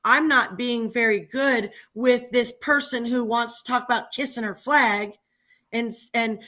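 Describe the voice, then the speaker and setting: A woman's voice: a little high, fairly even intonation, measured pace, pushed and bright. A woman chatting casually on a livestream, venting animatedly and laughing often as she tells a story. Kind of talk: casual chat.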